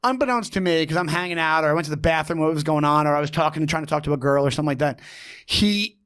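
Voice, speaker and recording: A man hosting a podcast, telling a story in a casual, animated way, acting out the quotes and laughing often. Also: on the high side, fast, smooth. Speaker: podcast host.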